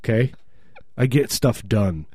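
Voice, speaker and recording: Husky dark-voiced man riffing jokes. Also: mid-range voice, animated, unhurried, no echo, studio quality. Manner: jokey, riffing, mock voices. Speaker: podcast co-host. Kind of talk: casual comedic banter.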